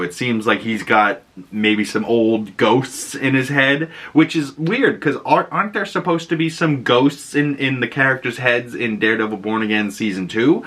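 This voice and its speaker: Excitable man breaking down a trailer. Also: on the low side. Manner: excitable, rambling, full of fillers and laughs. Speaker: YouTube reaction host.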